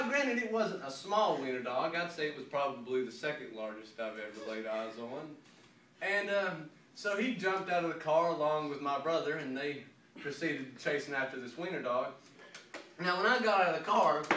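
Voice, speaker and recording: A man being interviewed, telling a comic anecdote in a casual way and laughing through it. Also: a little high. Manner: animated, laughing anecdote teller. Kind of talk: casual storytelling. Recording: echoey room, mic at a distance, faint noise.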